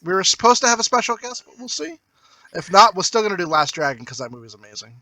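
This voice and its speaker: Male co-host, fact-checker of the group, high and bright, dry close mic. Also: sing-song, fast talker, no echo. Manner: fact-checking, reads out details. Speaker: podcast co-host. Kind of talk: casual chat.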